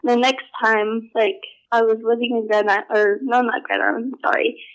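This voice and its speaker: A young adult woman telling personal stories in a casual, halting way, full of filler words and restarts. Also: fairly high pitch, flat delivery, poor audio. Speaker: storyteller.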